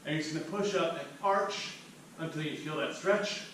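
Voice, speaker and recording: A man coaches a cool-down routine, explaining each stretch as he shows it. His voice sits a little high. The sound bounces around a bare room with a lot of echo, and the mic is some distance away with faint noise underneath. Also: normal speed, a bit bright. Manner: upbeat, talks the viewer through each step while demonstrating. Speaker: fitness instructor. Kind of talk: instructional workout demonstration.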